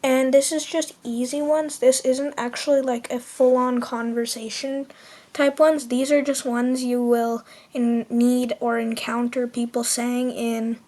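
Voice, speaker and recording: A young woman with a high voice hosts a casual video lesson. She is chatty and upbeat, stumbling and restarting now and then, and slows right down to repeat each phrase. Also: flat delivery, dark tone. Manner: chatty and upbeat, with frequent restarts and slow spelled-out repetitions. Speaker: language learner teaching beginner phrases.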